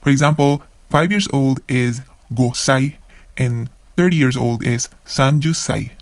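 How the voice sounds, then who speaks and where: A man from the Philippines, himself a language learner, speaks unhurriedly in a medium-pitched voice, saying each vocabulary word twice and then explaining it. The lesson is captured in a dry recording.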